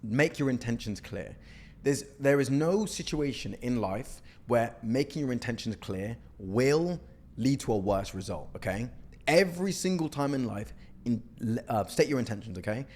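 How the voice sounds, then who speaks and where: A young man with a mid-range voice, talking at normal speed, critiques cold outreach messages to camera. He is blunt, animated and mocking in this casual coaching, repeatedly adding "okay?" to his points.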